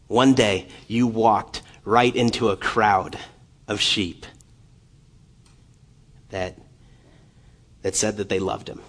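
A man preaching a sermon as a guest speaker, passionate and building from quiet to fervent, often repeating and restarting his words. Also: lowish voice, slightly rough.

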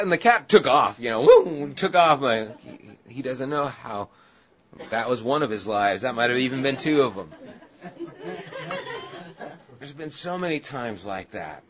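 A man preaching a sermon, telling a humorous personal story and then turning earnest and quiet. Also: a little high. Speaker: pastor. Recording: dull lo-fi audio with faint hiss.

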